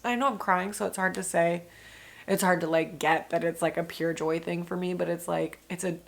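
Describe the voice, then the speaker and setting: Gravelly low-voiced young mom chatting. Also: female voice, fairly even intonation, moderate pace. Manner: chatty, candid, full of "like" and "um", swears casually. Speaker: vlogger and new mother. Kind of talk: casual vlog chat.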